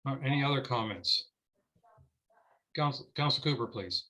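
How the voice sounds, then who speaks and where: A man running a council meeting as its mayor, his voice bright and sharp. He keeps repeating words and restarting his sentences as he hands the floor around. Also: mid-range voice, normal speed, poor audio. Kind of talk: formal meeting chair.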